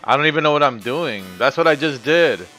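A man's voice: a little high, animated, brisk, sharp tone, soft background music. Profane ranting man streaming a game. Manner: profane, ranting, talks to chat. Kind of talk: live gameplay commentary.

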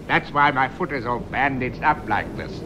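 A man's voice: mid-range voice, moderate pace, dull audio, lightly acted. An actor playing a grumpy middle-aged man with gout who rants and flares up, in a 1970s radio comedy. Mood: ranting. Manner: indignant ranting, flaring into shouts. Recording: hissy old radio tape.

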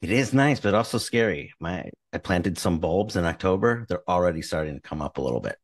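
A man's voice: low voice, lively intonation, brisk, no echo, studio quality, recorded from a distance. A man co-hosting a podcast, bantering playfully and reading a short charity segment. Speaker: podcast co-host.

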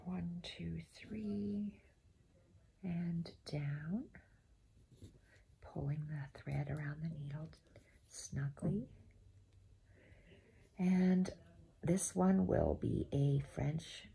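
Woman, low gravelly voice, mellow dark tone, soft-spoken craft tutorial, counting stitches, half-whispered. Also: very slow, pauses often. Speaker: embroidery instructor.

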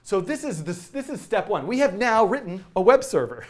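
A man's voice: high voice, sing-song, normal speed. A middle-aged man teaching coding in a casual, rambling way, often laughing and correcting himself as he works. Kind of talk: casual live-coding tutorial.

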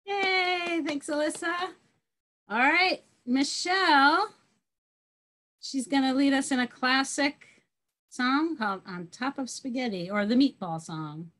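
A woman's voice: sits high, takes it slowly, a bit bright. A woman hosting a school video call, casually introducing each song leader in turn.

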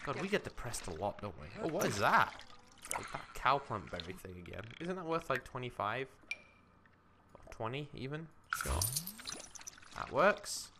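A young man plays a life-simulation game, chatting to his character in casual let's-play commentary as a gaming commentator. His mid-range voice is sing-song at a normal speed, with game music and a noisy background.

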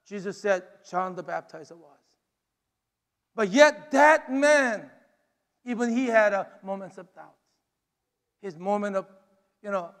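A pastor preaches with a strikingly high-pitched voice, stressing and repeating his phrases, often filling pauses with "you know". His voice rings through a large hall with a long reverb tail. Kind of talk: sermon. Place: church sanctuary.

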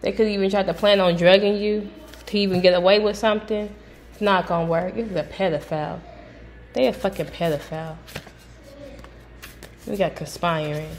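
A woman giving a casual tarot reading from home, blunt and profane, breaking into loud sudden outbursts. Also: mid-range voice, steady tone, normal speed, pauses often. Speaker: tarot reader.

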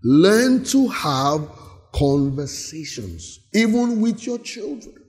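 Animated pastor in a hall. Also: male voice, high voice, slow pace. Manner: animated, acts out voices and laughs often. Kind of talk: sermon. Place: church hall.

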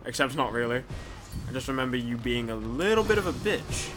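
A young man provides casual let's play commentary as a gameplay commentator, rambling, swearing freely, and addressing the screen directly. He mutters quietly, then bursts into loud, excited outbursts. His voice is medium-pitched and fairly quick, with music underneath.

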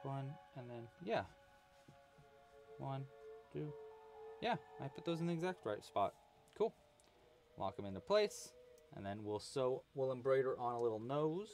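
Relaxed man murmuring through a crochet stream. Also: medium pitch, a little slow, long pauses, faint music behind. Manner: relaxed, murmurs to himself while working, chatty with viewers. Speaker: crochet livestream host. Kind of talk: casual livestream tutorial.

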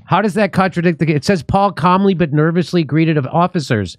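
Male commentary host, sarcastic ranter, a bit high-pitched, dry close mic. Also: a little fast, dry recording. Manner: sarcastic, ranting with profanity. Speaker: show host. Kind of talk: comedic political commentary.

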